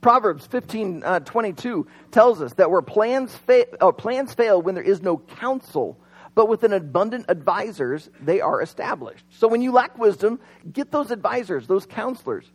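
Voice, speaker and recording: A man preaching a sermon in a conversational way, with humorous asides and dramatic pauses. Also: sits high, animated, low-quality recording. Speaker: pastor.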